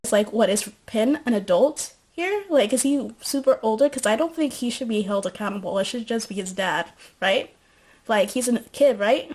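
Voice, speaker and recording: A woman's voice: mid-range voice, a little mellow. A young woman casually recapping a TV show at home, rambling and joking with lots of fillers.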